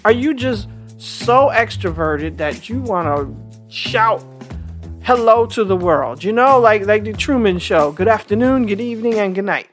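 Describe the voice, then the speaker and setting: A woman from New York talking casually to her viewers, blunt and emphatic, with frequent chuckles. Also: mid-range voice. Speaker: vlogger. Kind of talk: casual talk to camera.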